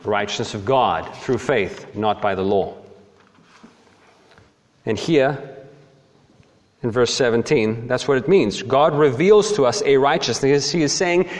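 A man's voice: on the high side, animated, a little slow, long pauses. A man preaching a sermon, earnest, with rhetorical questions and rising emphasis on key phrases. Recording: long hall reverb.

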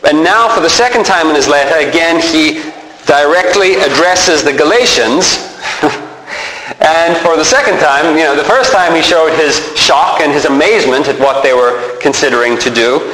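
A man preaching a sermon as pastor, animated and emphatic, often repeating himself as he stresses a point. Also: fairly high pitch, moderate pace, slight background noise. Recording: echoey hall with long reverb.

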